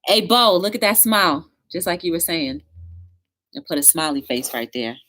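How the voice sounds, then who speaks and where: A woman's voice: lowish voice, expressive, moderate pace, fairly bright tone. A woman hosting a live-stream talk show, telling stories with energy and greeting viewers in the chat by name. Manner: upbeat, encouraging.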